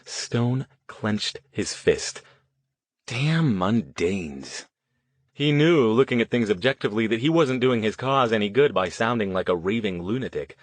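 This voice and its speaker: A man reading an audiobook in measured scripted narration. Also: lowish voice, lively intonation, no room sound.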